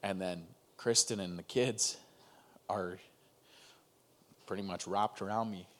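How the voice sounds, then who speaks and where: A man with a notably deep, low-pitched voice recounts a hard personal experience on a video call. He talks haltingly, pausing and restarting as the emotion catches up with him. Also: steady tone, fairly bright tone. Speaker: guest telling his story. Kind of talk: personal testimony in a conversation.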